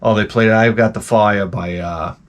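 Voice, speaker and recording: A man's voice: lowish voice, steady tone, normal speed. A man telling rambling, profane stories as a channel host and acting out his own reactions. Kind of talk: rambling casual monologue.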